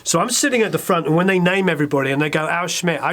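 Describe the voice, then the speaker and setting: Lively English man, higher voice. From England. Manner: animated storyteller, quick asides, acts out quotes. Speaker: record producer, interview guest. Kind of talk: casual interview chat.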